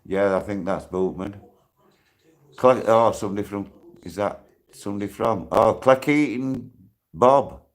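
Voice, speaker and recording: A man in his sixties talking casually on a live stream, giving shout-outs and speaking bluntly and heatedly, with free swearing. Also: on the low side, normal speed. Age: 60s.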